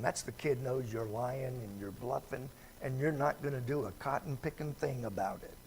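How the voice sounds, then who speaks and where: A man's voice: medium pitch, vocal fry, breathy edge. A man preaching a midweek church Bible study in a folksy, conversational way, often putting questions to the congregation. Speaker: pastor. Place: church sanctuary.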